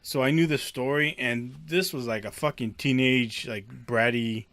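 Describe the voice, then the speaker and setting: Blunt man with a bright, tense, dry voice. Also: medium pitch, fairly even intonation, normal speed, dry recording. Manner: blunt, crude, frequent short agreements. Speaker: podcast co-host. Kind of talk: casual chat.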